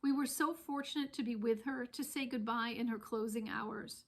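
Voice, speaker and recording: Higher-voiced woman reading a tribute to her mother. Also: fairly even intonation, normal speed. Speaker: daughter giving a remembrance. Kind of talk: read memorial tribute.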